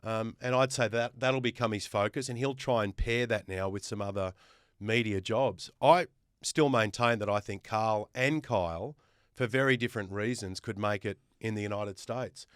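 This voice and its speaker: A man's voice: fairly low pitch, moderate pace, fairly bright tone, smooth, no echo, clean studio sound. An Australian man guest hosting a podcast chat, making emphatic points and building them up with lists. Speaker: guest host.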